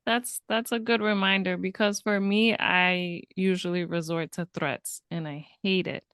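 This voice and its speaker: A woman's voice: lowish voice, fairly even intonation, measured pace, fairly bright tone, smooth, no echo, clean studio sound. A woman co-hosting a parenting podcast, upbeat and earnest as she sums up takeaways for listeners. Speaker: podcast co-host. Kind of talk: casual podcast chat and recap.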